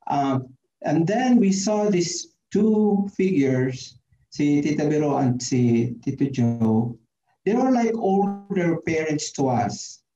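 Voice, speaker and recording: A man sharing a measured, reflective remembrance at a memorial. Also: a little high, expressive. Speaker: tribute speaker at a memorial. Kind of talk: personal remembrance. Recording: roomy, distant, dull lo-fi sound.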